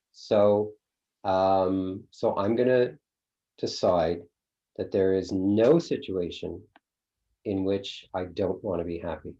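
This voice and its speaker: A man's voice: on the low side, mellow. A middle-aged man leading a course, talking casually with many fillers and a rhetorical "right?". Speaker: course leader. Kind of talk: casual teaching talk. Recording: dull lo-fi sound.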